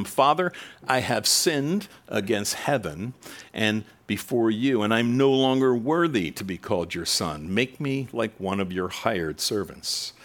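A man giving a sermon, reading a long scripture passage slowly and stopping to comment with wry asides. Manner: acts out the quoted voices, rising loud and high for the angry sons. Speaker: preacher.

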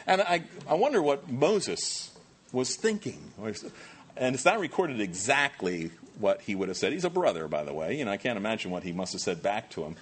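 A pastor giving a sermon, telling the story in a conversational, animated way with many fillers. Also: male voice, lowish voice, normal speed, husky.

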